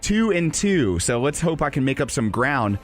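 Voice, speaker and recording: Upbeat man hosting sports talk, jokey and animated, quick to laugh. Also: medium pitch, faint music behind. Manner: lively, joking, laughs often. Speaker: radio show host. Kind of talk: casual sports talk radio chat.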